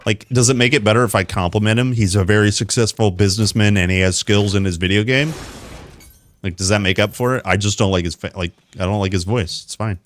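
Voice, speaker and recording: A man's voice: fairly low pitch, fast talker. Rambling man streaming games. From America. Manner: rambling, self-correcting, answers chat with laughs. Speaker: game streamer. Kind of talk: casual live-stream chat.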